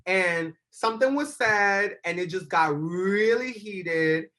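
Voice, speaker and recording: A ballroom house leader telling stories in a casual interview, sassy and animated, swearing freely. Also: mid-range voice, slow pace.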